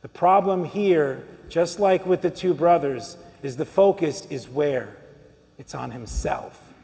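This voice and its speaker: Guy preaching a sermon, pretty high voice, long church echo, chatty, keeps asking the crowd stuff. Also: takes it slowly, creaky, warm tone. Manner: conversational, asks the congregation questions. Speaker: priest.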